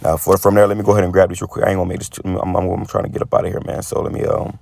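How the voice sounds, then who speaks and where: A man giving a casual preaching monologue, rambling and stammering as he repeats words, and reading scripture slowly and deliberately. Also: sits low, monotone, creaky, darkish tone, no room sound. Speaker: street preacher.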